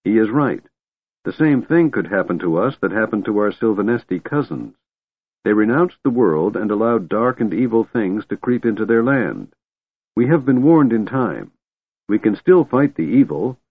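A man voicing a grave, earnest sea elf woman who speaks in a measured, formal way. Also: lowish voice, animated, slightly rough. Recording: narrow phone-like dry audio.

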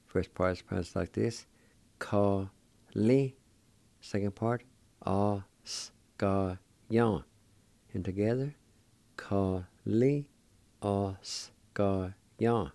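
A man's voice: fairly low pitch, gravelly, dark tone, no echo. A middle-aged man, patiently teaching words on the radio. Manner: patient, deliberate, repeats words slowly. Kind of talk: slow language lesson, spelling and pronouncing words.

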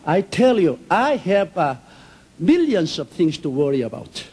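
A man's voice: on the high side, sing-song, unhurried, a little mellow, a little hiss or hum, poor audio. A man preaching a sermon, telling stories emphatically in simple, non-native English phrasing. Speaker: pastor.

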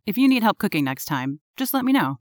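A fan fiction reader voicing a friendly, teasing young man neighbor in a raised, brighter voice. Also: mid-range voice, sing-song, fast talker, dry recording, studio quality, pitched above the performer's own voice, lightly acted.

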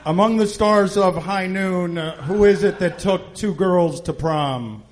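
Dry man with a high voice. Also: unhurried. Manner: dry, needling. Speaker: podcast host, quiz master. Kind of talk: casual chat, game show questions.

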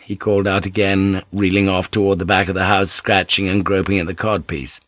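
Low-voiced man narrating an audiobook. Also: level tone, brisk, hardly any pauses, fairly bright tone, no room sound. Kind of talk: scripted narration.

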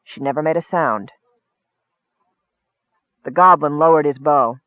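A man reading a fantasy story aloud in a steady, measured way. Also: on the high side, no room sound. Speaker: audiobook narrator. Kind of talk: scripted fantasy narration. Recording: dry tinny phone-like audio.

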